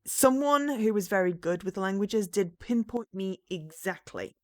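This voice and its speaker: A woman's voice: medium pitch, expressive, a little slow, darkish tone, dry recording, studio quality. A woman in her forties with a fairly neutral English accent, chatting casually on a live game stream, rambling and self-deprecating with lots of fillers and restarts. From English Midlands. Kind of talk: casual live-stream chat while gaming.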